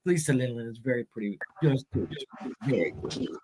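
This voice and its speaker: A man's voice: mid-range voice, lively intonation, brisk, a little mellow, slightly rough. A man hosting a casual live stream, chatting and greeting viewers by name as he goes. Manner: chatty, greets viewers mid-sentence, laughs easily.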